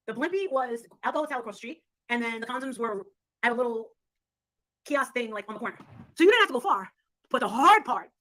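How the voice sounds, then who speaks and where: A woman telling a story in an excitable, profane way, acting out what others said. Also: fairly high pitch, no echo, rough recording. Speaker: storyteller recounting past events. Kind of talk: animated casual storytelling.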